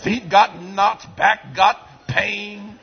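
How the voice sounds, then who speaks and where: A man preaching a sermon in a church, swinging from quiet asides to shouted lines in a call-and-response style. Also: sits high, steady tone, very slow, gravelly, slightly rough, lo-fi sound, some chatter behind. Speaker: pastor. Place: church sanctuary.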